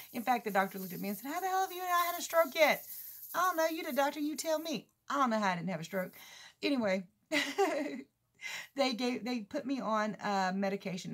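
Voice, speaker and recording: Woman, 40s, gravelly, talkative vlogger, rambling and laughing. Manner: chatty, rambling, laughs a lot, mimics others in high voices. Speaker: keto vlogger. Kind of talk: casual chat to camera.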